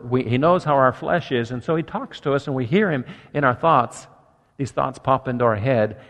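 An older man preaching a sermon as pastor, emphatic, with quiet softer asides. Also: mid-range voice. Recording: long echo of a church hall.

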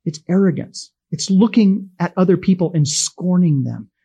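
A man's voice: high voice, moderate pace, vocal fry, warm tone, breathy edge. A middle-aged man teaching from the Bible in a homespun, conversational way, telling personal stories and chuckling as he goes.

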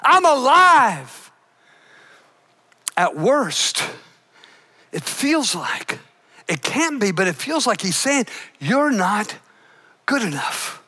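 A man preaching a sermon, retelling a story with dramatic shouted emphasis, playful asides and quiet, earnest stretches. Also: sits high, very animated, takes it slowly, pauses often, slightly rough. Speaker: pastor.

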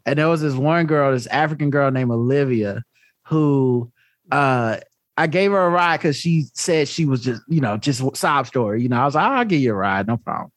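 A man's voice: medium pitch, moderate pace, dry recording. A man co-hosting a casual chat, telling anecdotes and acting out what people said. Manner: expressive, acts out quotes. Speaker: podcast co-host.

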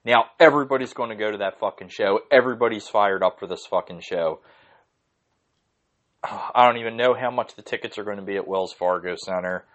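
A young man hosting his own podcast, ranting casually in an excitable, profane, rambling way. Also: on the low side, brisk, muffled recording. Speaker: podcast host. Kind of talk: casual solo podcast rant.

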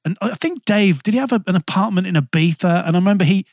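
A male podcast host chats with his guest, often stumbling over his first words. His voice sits a little high for a man, and the sound is dry and close. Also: quick pace, darkish tone, no echo. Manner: chatty, stammering restarts, laughs easily. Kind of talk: casual podcast interview.

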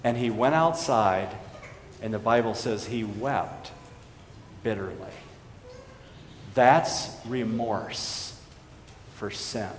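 A man's voice: fairly low pitch, slow, long pauses. Earnest male preacher in an echoey hall. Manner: earnest preaching that swings between emphatic and hushed. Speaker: pastor. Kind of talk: sermon. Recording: echoey hall reverb with faint background noise.

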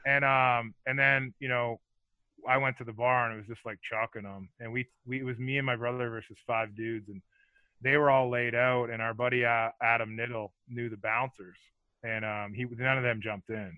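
A man's voice: medium pitch, normal speed, dry recording, phone-quality sound. A man telling rambling, profane stories in a casual chat, full of filler words and acted-out lines. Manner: animated, acts out other people's lines.

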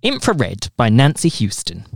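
A man doing deadpan dramatic readings of racy passages for a comedy podcast. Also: mid-range voice, a little slow, gravelly, no room sound, studio quality. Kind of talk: comedic reading and casual chat.

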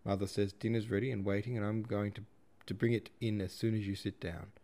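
A man's voice: lowish voice, level tone, brisk, mellow, natural voice. A man voicing a shy fifteen-year-old girl who gives short, simple replies in an audiobook reading.

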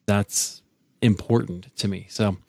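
A man's voice: fairly low pitch, fairly even intonation, takes it slowly, gravelly, a little mellow, no echo, studio quality. A man hosting a faith podcast in casual conversation, talking hesitantly and restarting his phrases often. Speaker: podcast host.

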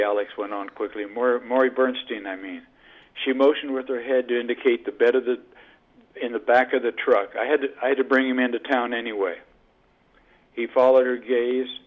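Man narrating a story over tinny sound. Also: mid-range voice. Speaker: audiobook narrator. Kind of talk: scripted narration. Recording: tinny phone-like band.

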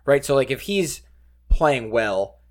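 A man's voice: mid-range voice, animated, slow pace, darkish tone. A man co-hosting a casual sports podcast, rambling and leaning on "like" and "you know". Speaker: podcast co-host.

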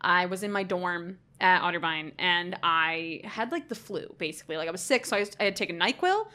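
A woman's voice: fairly low pitch, brisk. A woman co-hosting a casual chat podcast, telling stories animatedly and laughing often. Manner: giggly, animated storytelling. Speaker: podcast co-host.

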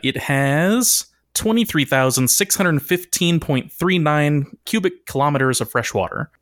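A man's voice: a little high, animated, unhurried, a bit bright, no room sound, studio quality. A man hosting a comedy podcast, reading out facts playfully and laughing often. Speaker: podcast host. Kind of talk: casual comedic chat, presenting facts.

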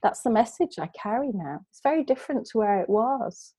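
A woman's voice: on the high side, expressive, fairly quick, mellow, husky, no room sound. Earnest woman telling her story. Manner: earnest, heartfelt, emotional retelling. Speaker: guest, business coach. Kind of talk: personal storytelling in conversation.

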